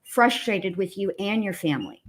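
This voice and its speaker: A woman co-hosting a casual commentary chat, reasoning in a measured, plainspoken way with folksy phrases. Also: medium pitch, lively intonation.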